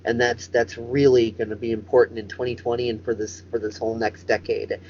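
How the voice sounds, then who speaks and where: A man's voice: medium pitch, little pitch movement, a little fast, darkish tone, lo-fi sound, slight background noise. A man hosting a comedic chat show over a video call, rambling and swearing for emphasis. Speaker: host.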